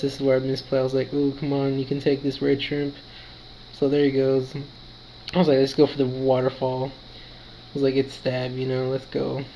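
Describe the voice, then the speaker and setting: A man's voice: mid-range voice, a little mellow, a little hiss or hum, low-quality recording. A tired, yawning man giving casual play-by-play commentary on his own game battle, quoting his own thoughts as he goes. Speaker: gaming commentator.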